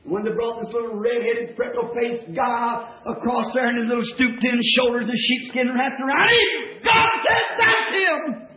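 Man, high voice, fervent revival sermon, folksy plain-spoken, hushed to shouting, echoey church, muffled old tape. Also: moderate pace, hardly any pauses. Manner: swings from hushed tones to shouting. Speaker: preacher. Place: church service with congregation.

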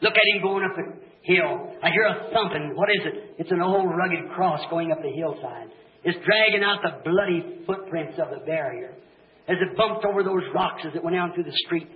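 A man preaching a revival sermon, shouting fervent declarations and then dropping to hushed, low passages. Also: moderate pace. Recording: dull echoey old tape recording.

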